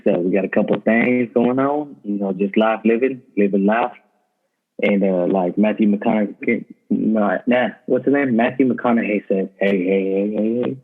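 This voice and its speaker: Male guest, husky voice, relaxed and goofy, on a tinny video call. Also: fairly low pitch. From Texas. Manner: laid-back, goofy, laughing. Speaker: podcast guest. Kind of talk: casual chat over a video call.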